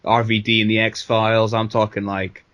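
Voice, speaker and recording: A man's voice: lowish voice, little pitch movement, moderate pace, a bit bright, muffled recording. A man co-hosting a wrestling podcast in casual chat, talking loosely with lots of swearing, fillers and jokey quoted voices. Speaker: podcast co-host.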